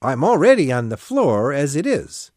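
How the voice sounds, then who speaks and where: A woman's voice: low-pitched, big pitch swings, moderate pace, a little mellow, no room sound, clean studio sound, voice pushed down. A woman reading an audiobook voices a flustered, timid man on trial who pleads nervously. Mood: pleading.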